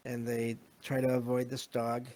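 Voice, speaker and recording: A man's voice: medium pitch, completely flat delivery, normal speed, a little mellow. A podcast host chatting loosely about a movie, with a lot of ums, restarts and asides to his live chat. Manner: rambling, many fillers, reads live chat. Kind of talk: casual movie review chat.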